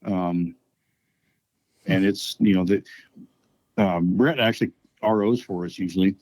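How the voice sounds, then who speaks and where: A man who organizes a shooting match, explaining things in a relaxed way in a casual podcast interview, often pausing with "um". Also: sits low, dry recording, poor audio. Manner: relaxed, explaining at length with many ums.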